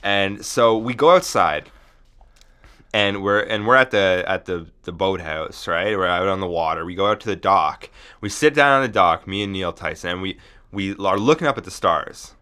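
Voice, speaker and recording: A man co-hosting a podcast, telling a deadpan comic story in a rambling way, full of restarts. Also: low-pitched, moderate pace, smooth. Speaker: podcast co-host.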